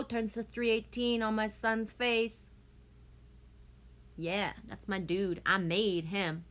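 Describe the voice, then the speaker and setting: A woman's voice: medium pitch, steady tone, takes it slowly. A middle-aged woman chatting casually on a livestream, gushing and reading viewer comments aloud. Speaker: livestream host.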